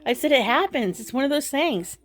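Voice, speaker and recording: A woman's voice: high-pitched, animated, fairly quick. A middle-aged woman chatting casually to her vlog viewers, rambling and laughing through her frustration. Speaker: vlogger.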